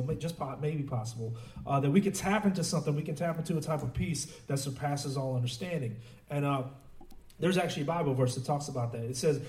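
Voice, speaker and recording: A man preaching a sermon in a relaxed, conversational way, with many fillers and restarts. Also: a little high. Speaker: pastor. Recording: roomy echo, voice from a distance.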